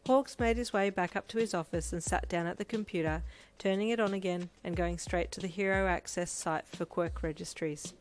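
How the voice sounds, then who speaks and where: Low-voiced woman reading a story. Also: steady tone, brisk, slight background noise. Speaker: fanfiction reader. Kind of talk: second-person story narration.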